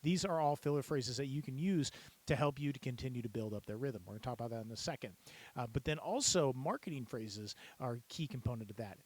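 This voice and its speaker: A man coaching would-be auctioneers in a plain, mid-pitched voice. He talks in an upbeat, repetitive teaching manner and breaks into rapid bid-calling chant to demonstrate. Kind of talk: instructional talk to camera.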